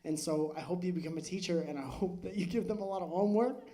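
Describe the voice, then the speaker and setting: Brash, foul-mouthed comedian working a crowd. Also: male voice, high voice, fast talker, slight background noise. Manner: brash, profane, joking with the audience. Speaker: stand-up comedian doing crowd work. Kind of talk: live crowd-work banter. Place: comedy club stage with audience. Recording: live club recording with loud crowd. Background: crowd laughter.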